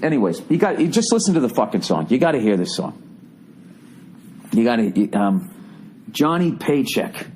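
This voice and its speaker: A man's voice: mid-range voice, sing-song, normal speed, pauses often, a little mellow, slight background noise. A middle-aged man with a Boston accent hosting a comedic podcast monologue, ranting profanely and incredulously. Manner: ranting, profane, incredulous, mock-singing quotes. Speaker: podcast host.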